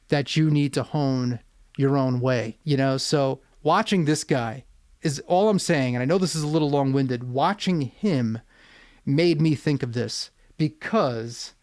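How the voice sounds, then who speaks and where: A man's voice: mid-range voice, a little mellow, dry recording, studio quality. A man hosting a music reaction video as a vocal coach, talking casually, thoughtful and a bit rambling.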